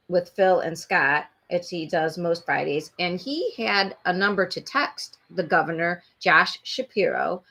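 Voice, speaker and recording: A woman's voice: on the low side, a bit bright. A woman hosting a true crime show, talking casually and indignantly with many fillers. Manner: opinionated, indignant, rambling with fillers.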